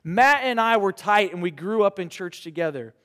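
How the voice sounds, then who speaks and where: A man preaching a sermon to young people, earnest and rhetorical, with dramatic pauses. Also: high voice, animated, a bit bright. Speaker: pastor. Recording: reverberant hall.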